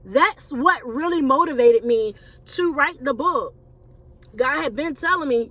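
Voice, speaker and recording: High-voiced woman telling a personal story. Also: expressive, unhurried, pushed and bright. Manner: conversational, addresses viewers as y'all. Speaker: Christian life coach and author.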